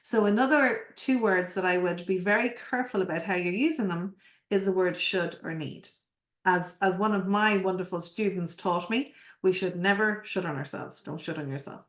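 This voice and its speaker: A woman coach giving a live presentation, energetic and full of rhetorical questions to her audience. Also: lowish voice, moderate pace. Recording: roomy echo.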